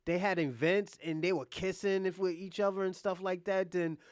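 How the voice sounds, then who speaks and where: A man's voice: high voice, fairly even intonation, moderate pace, clear, resonant tone, dry recording, studio quality. A man hosting a podcast, casually retelling a drama's plot in a rambling, profane way, full of restarts and acted-out quotes. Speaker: podcast host.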